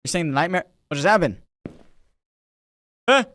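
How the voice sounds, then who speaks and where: Brief: male let's-play host, loud jokey reactions, slightly high pitch, faint background hiss. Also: very animated, normal speed. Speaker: gaming YouTuber.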